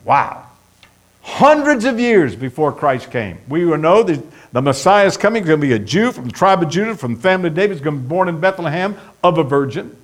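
This pastor's voice sits a little high, swinging widely in pitch as he preaches briskly. His sermon is emphatic and repetitive, accelerating as he rattles off points.

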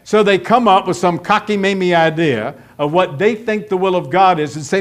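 High-voiced folksy male preacher. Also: normal speed, hardly any pauses. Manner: folksy, emphatic preaching with acted-out quotes. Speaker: pastor. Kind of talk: sermon.

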